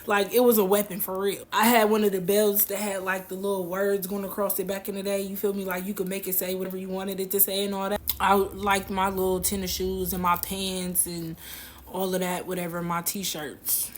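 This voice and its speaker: A woman's voice: medium pitch, level tone, brisk, slight background noise. A woman casually telling a personal story to her viewers, slangy and laughing as she goes.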